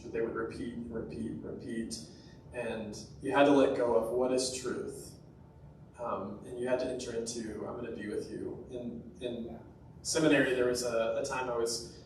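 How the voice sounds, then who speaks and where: A man leads a reflective panel conversation in a searching, thoughtful way. His sentences often trail off softly. He is picked up from a distance in a very echoey room with faint background noise. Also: medium pitch. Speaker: host.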